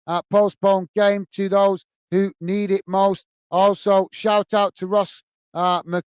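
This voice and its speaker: Reading out viewer messages on his live football fan stream, a British man thanks people by name and calls them mate, getting flustered now and again by a lagging computer. His high voice comes through clear and resonant in a dry recording.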